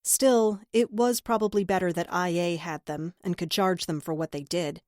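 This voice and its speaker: Female audiobook narrator, first-person crime fiction, lowish pitch, dry booth sound. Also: fairly even intonation, normal speed, darkish tone, no room sound.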